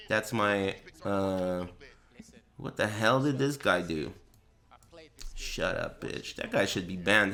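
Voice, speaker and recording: With a voice on the low side and an unhurried delivery, a male streamer hosts a livestreamed podcast. He swaps stories in casual conversation, cursing freely and laughing a lot.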